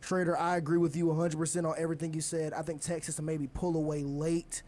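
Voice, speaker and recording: A man's voice: on the high side, quick pace. A young man hosting a college sports radio show, talking casually and energetically as he previews games. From United States. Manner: energetic, leads the segment, stalls and laughs.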